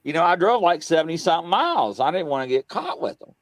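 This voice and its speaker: A man's voice: on the high side, sing-song, fast, no room sound. A man co-hosting a casual podcast, telling a story animatedly and acting out the dialogue. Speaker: co-host.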